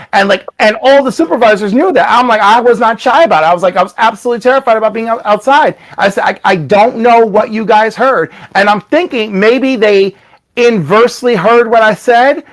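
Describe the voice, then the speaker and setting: A man's voice: sits high, poor audio. A man hosting a casual stream, telling stories in a chatty way and acting out the voices of the people in them. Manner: animated, acts out voices in his stories. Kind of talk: casual storytelling chat.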